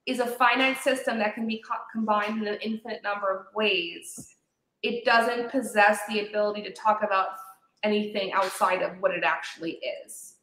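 A woman's voice: mid-range voice, fairly even intonation, moderate pace, fairly bright tone. A woman guest, a speech-language pathologist, explaining language at length in a casual chat with some fillers. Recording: roomy echo.

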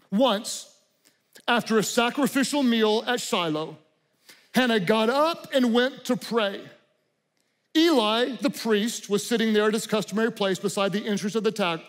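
A middle-aged male pastor preaching a sermon with passion, dropping to quiet and rising to shouts. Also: high voice, a little slow.

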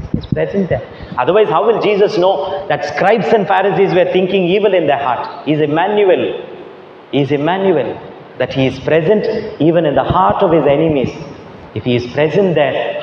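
A male priest with a fairly high voice delivers an emphatic sermon, repeating his key phrases for weight. The sound is dull and lo-fi, and it is heavily echoey with a long reverb tail from a large church hall. A faint hiss sits underneath. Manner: emphatic preaching with heavy repetition. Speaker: Catholic priest.

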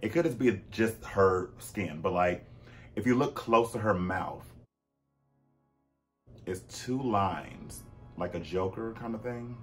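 A man hosting a vlog in casual, chatty commentary. He talks animatedly, with swooping pitch, sudden loud bursts and frequent fillers. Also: slow pace, long pauses, faint music behind. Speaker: vlog host.

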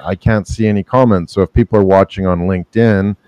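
Man, very deep voice, measured, explanatory, dry muffled call audio. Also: steady tone, warm tone, dry recording. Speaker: panel guest. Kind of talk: casual panel chat. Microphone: video call.

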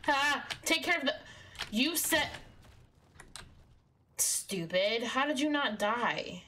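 A young woman narrates her game live in a high, bright voice, taking her time with each word. She swings from shrieking protests to low, grumbling asides at her companion. Faint keyboard clicks sit under her desk mic. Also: lively intonation, slow pace, pauses often, a little hiss or hum. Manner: exasperated, yelling at her companion, swings between shrieks and mutters. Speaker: streamer.

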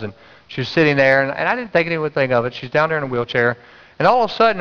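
A man from North Carolina, preaching a sermon and telling a story animatedly, acting out his own inner voice. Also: clear, resonant tone. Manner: animated, acts out his own inner voice with sudden high jumps. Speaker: pastor. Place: church sanctuary. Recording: dull, reverberant church sound.

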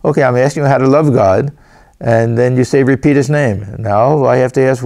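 A man, a swami, reading scripture aloud and explaining it in a gentle way, often repeating and restarting his phrases. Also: mid-range voice, a little fast. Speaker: swami giving scripture commentary. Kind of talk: reading with spoken commentary.

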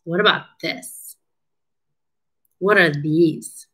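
A woman's voice: low voice, very slow, a bit bright, slightly rough, low-quality recording. A woman speech clinician leading a children's lesson, drawing out words in an encouraging, sing-song teacher voice. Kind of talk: children's syllable-clapping lesson.

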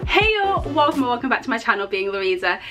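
A young woman chatting excitedly to camera in a casual vlog, giggly and bubbly. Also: on the high side, fast, soft background music. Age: young adult. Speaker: YouTuber. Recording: faint background noise.

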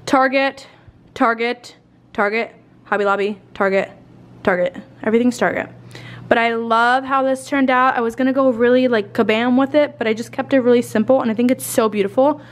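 She's a lifestyle vlogger in her twenties with a slightly high voice, fairly even intonation and normal speed. Walking through her home, she gushes over her holiday decor in a casual chat, a little out of breath and swearing casually.

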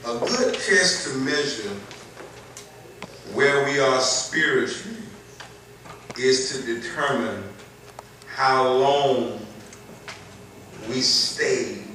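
A man's voice: medium pitch, extremely slow, long pauses, bright, forceful tone, slight background noise. A male pastor with a Southern accent preaching a sermon, scattering amens and building to emphatic lines. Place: church sanctuary. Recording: echoey church, heard from far off.

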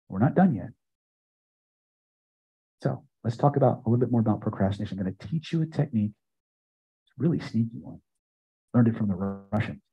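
An older man teaching a live self-help seminar, speaking emphatically and building phrases up loud before dropping to a hush. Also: fairly low pitch, husky, dull audio. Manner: emphatic, builds repeated phrases to loud peaks then drops quiet. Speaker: hypnosis and self-help trainer. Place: seminar room with audience.

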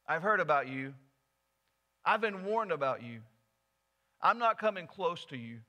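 A wary young warrior speaks firmly and refuses to be swayed, with a man voicing him. His voice is slightly high and bright, in a sermon fable. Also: expressive, measured pace, lo-fi sound, exaggerated voice. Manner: firm, refusing. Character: wary young male warrior, firm and cautious.

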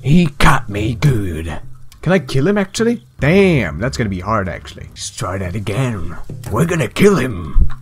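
A young man in casual gaming commentary who turns the game into a playful mock story. His pitch swings widely as he jokes, and faint music plays under him. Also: sing-song, normal speed. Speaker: gaming video host. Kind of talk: casual let's-play commentary.

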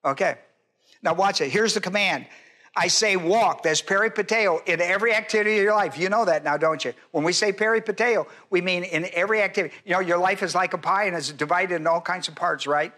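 A man's voice: high voice, fairly quick, sharp tone. Emphatic older man preaching a sermon. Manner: emphatic, repetitive, asks the congregation questions. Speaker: pastor. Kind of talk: expository Bible-teaching sermon.

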